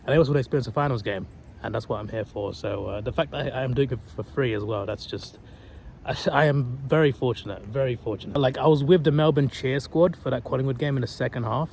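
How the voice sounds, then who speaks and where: Young male vlogger, twenties, casual and chatty, slightly hoarse, handheld phone outdoors with clear traffic noise. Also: medium pitch, fast, a little mellow. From England. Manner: chatty, laughs often, casual slang. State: losing his voice. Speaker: travel vlogger. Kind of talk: casual vlog chat.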